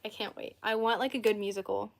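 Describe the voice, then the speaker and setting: A woman's voice: medium pitch, steady tone, fast, vocal fry, slight background noise. An eighteen-year-old woman chatting casually on a livestream, rambling between topics and answering viewers' comments.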